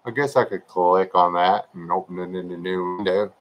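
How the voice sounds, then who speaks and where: A man's voice: deep voice, steady tone, moderate pace, dull audio. A man hosting a livestream, chatting casually with viewers and joking around with them. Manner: laid-back, joking, chatting to viewers by name. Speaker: livestream host.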